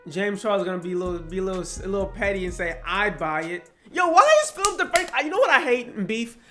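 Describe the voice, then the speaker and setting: A young man giving casual, animated commentary on online drama, joking around with slang and swearing. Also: high voice, racing, faint music behind. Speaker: YouTube commentator.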